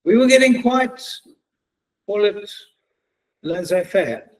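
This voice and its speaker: A man's voice: sits high, animated, slow pace, low-quality recording. A middle-aged man giving a chatty, joking talk as guest speaker, telling anecdotes. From South Africa. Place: synagogue event hall.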